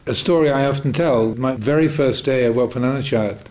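Calm reflective man teaching meditation. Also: mid-range voice, a little fast, rough recording. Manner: calm, reflective storytelling with light self-mocking humor. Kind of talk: answering a question in a Dhamma talk.

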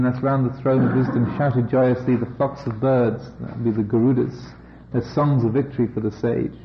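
Buddhist teacher, man, mid pitch, reads the story with wry asides, echoey room. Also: little pitch movement, moderate pace, slight background noise. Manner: wry and amused, breaking off for jokes. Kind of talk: reading a scripture story aloud with asides. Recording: echoey, slightly dull room recording.

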